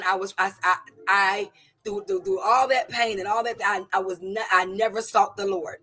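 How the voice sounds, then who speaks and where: A middle-aged woman giving a personal testimony to a congregation, in an emotional, halting way with many restarts and repeated words. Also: mid-range voice, fairly bright tone. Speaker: church member giving testimony.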